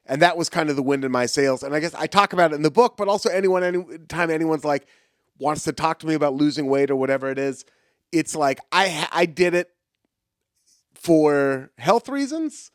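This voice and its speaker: A man's voice: on the high side, animated, normal speed, no echo, studio quality. A man in his forties talking casually on a podcast, rambling with many fillers. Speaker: comedian guest.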